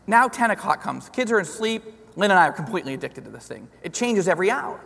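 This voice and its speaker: A man giving a lively storytelling testimony as a guest speaker in a church, chuckling as he talks. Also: sits high, fast talker, vocal fry, a little hiss or hum. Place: church sanctuary. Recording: long reverb of a large hall.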